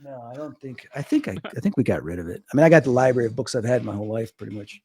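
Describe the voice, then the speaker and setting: A man appears as a medium guest in a casual interview, animatedly telling childhood stories and acting out the voices and quotes in them. His mid-range voice races along with a breathy edge.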